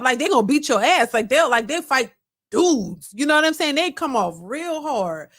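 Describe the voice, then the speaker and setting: Opinionated woman host, lively pitch. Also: moderate pace. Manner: blunt, opinionated, repeats herself. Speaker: reaction channel host. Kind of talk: casual commentary on a clip.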